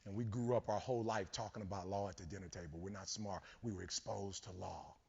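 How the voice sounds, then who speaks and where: A man giving a motivational keynote, telling stories and building to shouts. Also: deep voice, steady tone, fast talker, vocal fry, breathy edge. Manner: preachy, storytelling, rising to shouts. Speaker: keynote speaker. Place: large conference hall. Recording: dull hall recording with long reverb.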